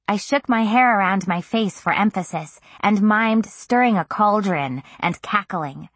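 A woman narrating a first-person novel in an intimate, even storytelling manner. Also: medium pitch, measured pace, no echo. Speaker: audiobook narrator.

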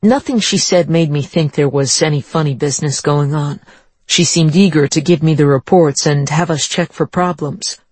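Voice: mid-range voice, moderate pace, darkish tone, slightly rough, no echo, close to an everyday voice. A narrator doing a polite woman officer. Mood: measured. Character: woman police officer, respectful, measured.

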